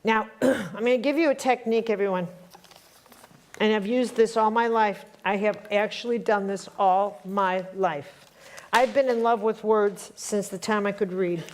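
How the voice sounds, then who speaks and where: This workshop leader's voice is mid-range and darkish, her intonation fairly even and her pace measured. Guiding a spiritual workshop, she chats with the live audience, teasing them while she puts questions to them.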